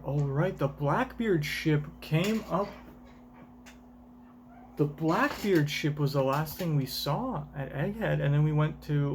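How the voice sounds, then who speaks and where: A man streaming a live manga reaction, rambling, swearing casually and thinking out loud. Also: fairly high pitch, slight background noise.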